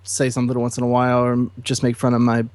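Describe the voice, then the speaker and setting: A man's voice: mid-range voice, quick pace, no room sound. A man co-hosting a casual podcast chat, telling stories with lots of laughter. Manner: animated storytelling, laughs often. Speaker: co-host.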